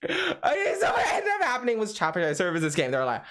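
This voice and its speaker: A young man vlogger telling a story in a casual, animated way, full of "like" fillers and laughter. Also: high-pitched, fast talker. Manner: animated, swoops between laughing and mock-crying, heavy "like" filler.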